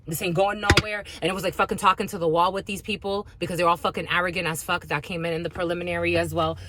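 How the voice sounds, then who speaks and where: A woman's voice: fairly low pitch, little pitch movement, fast talker, pushed and bright. A woman giving an intuitive spiritual reading to her viewers, blunt and heavily profane as she rants. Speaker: spiritual reader.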